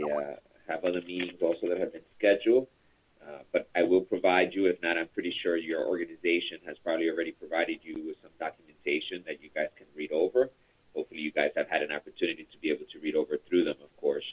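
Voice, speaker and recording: A man leading a call center training over a conference call, chatty and rambling with many fillers. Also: low voice. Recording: tinny phone line.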